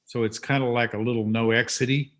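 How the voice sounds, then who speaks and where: A man hosting a casual chat, talkative, slipping into lively, animated retellings of what he and others said. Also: medium pitch, fast. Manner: chatty, animated when telling stories. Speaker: host.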